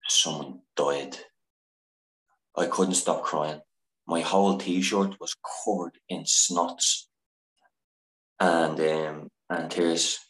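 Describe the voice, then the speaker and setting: Deep-voiced guy on a podcast, emotional and earnest, swearing a lot, echoey room. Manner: earnest and emotional, swears freely, restarts sentences. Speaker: podcast guest. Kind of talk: candid personal storytelling.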